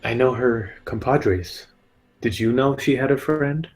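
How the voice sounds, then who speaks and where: A man's voice: mid-range voice, measured pace, low-quality recording. A man playing a tabletop game in character, stammering and restarting his sentences. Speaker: player. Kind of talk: in-character tabletop role-play.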